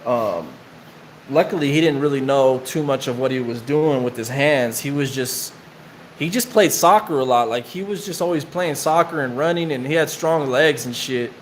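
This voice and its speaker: A man's voice: mid-range voice, normal speed, slight background noise. A man casually telling rambling, profane prison stories in slang while his friend draws on him. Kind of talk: casual storytelling while getting tattooed.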